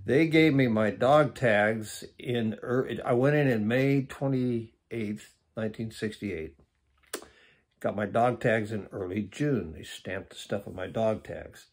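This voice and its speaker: A man's voice: lowish voice, slow. A man in his seventies from Arizona, teaching a Bible passage in a conversational, plainspoken sermon and stressing the key phrases. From Arizona, USA. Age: 70s. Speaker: preacher.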